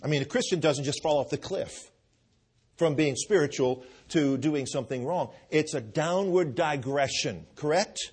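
A middle-aged man preaching with a husky, slightly breathy voice that sits a bit higher than most men's. He tells stories and tosses out "amen" to his congregation as he goes. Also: normal speed, a little mellow. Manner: storytelling with asides of "amen". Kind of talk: sermon.

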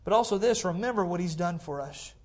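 A man's voice: sits high, lively intonation, fairly quick, darkish tone. Brief: male pastor, conversational sermon in a church, cordless mic, emphatic repetition, frequent "okay? all right?". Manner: repeats phrases for emphasis. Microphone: cordless handheld mic.

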